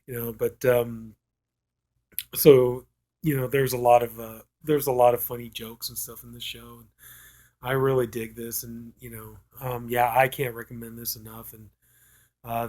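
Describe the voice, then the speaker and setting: A man's voice: medium pitch, a little mellow. A man casually reviewing a comedy show, rambling and retelling the jokes with plenty of filler words. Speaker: film reviewer.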